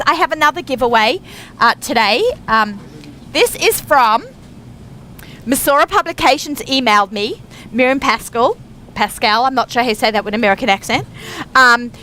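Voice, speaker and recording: Chatty high-voiced woman hosting from a store. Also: bright, forceful tone. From Australia. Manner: chatty, bubbly, frequent fillers. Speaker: radio show host. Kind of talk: casual chat. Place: busy store. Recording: faint store noise behind.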